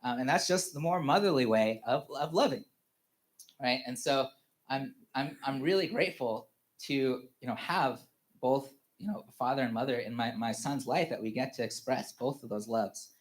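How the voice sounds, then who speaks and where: Halting man sharing a testimony. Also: medium pitch. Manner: halting, full of "you know" fillers and restarts; chuckles often while telling stories. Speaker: father giving a testimony at a family church service. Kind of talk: personal sermon testimony.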